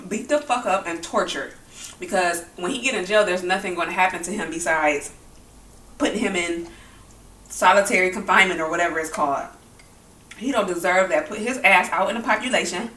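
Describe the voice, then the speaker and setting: A woman's voice: on the low side, fairly bright tone, echoey room, distant mic. A woman vlogging while she eats, talking bluntly and angrily about the news and swearing often. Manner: blunt, heated and profane. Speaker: mukbang vlogger. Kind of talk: angry opinion talk while eating.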